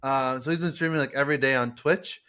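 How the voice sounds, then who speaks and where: A young man co-hosting a casual gaming podcast, energetic and loose, swearing freely and full of fillers. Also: medium pitch, fast, smooth. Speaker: podcast co-host.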